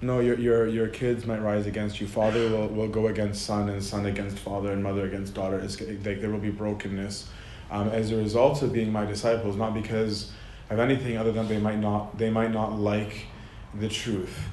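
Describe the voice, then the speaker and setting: Man, casual lecturer, low voice, flat delivery, filler words, faint background hum. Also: normal speed, few pauses. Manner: conversational, filler-heavy, often laughs mid-sentence. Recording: echoey room with faint ambient noise.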